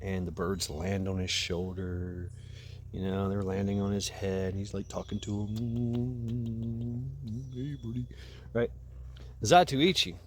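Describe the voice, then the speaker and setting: Outdoors by a path, a man vlogs into a camera mic, retelling a movie in a casual, rambling, profane way and laughing at his own story. His voice sits low and comes out slow and flat, with a little hiss or hum.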